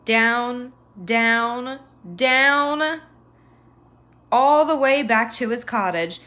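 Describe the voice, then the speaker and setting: Woman storyteller reading a kids' tale, bright voice, slow and sing-song. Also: fairly high pitch. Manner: expressive, sound effects. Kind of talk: children's story read-aloud.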